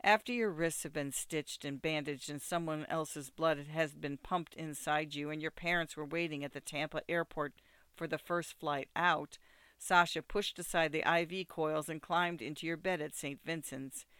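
A man narrating an audiobook in a steady, second-person storytelling way. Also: a little high, moderate pace, clean tone, no room sound.

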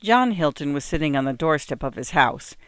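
A woman, a volunteer reader, narrating a short story in a measured, even storytelling manner. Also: low voice, clean tone, no echo, clean studio sound.

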